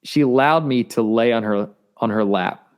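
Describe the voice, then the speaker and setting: Earnest man sharing a halting testimony. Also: mid-range voice, clean tone. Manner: earnest, halting, repeats words, voice rises with intensity. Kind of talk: emotional personal testimony.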